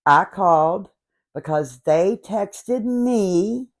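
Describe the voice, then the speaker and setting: Woman, late fifties, accent, comedic rant host, sarcastic, exasperated, unhurried delivery. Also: mid-range voice, animated. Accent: noticeable regional accent. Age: 50s.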